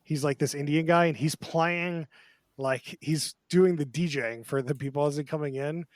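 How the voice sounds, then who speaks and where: Male co-host, chatty and loose, mid-high voice, dry studio sound. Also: moderate pace, no echo. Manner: chatty, acts out quotes in put-on voices. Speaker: podcast co-host. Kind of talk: casual panel chat.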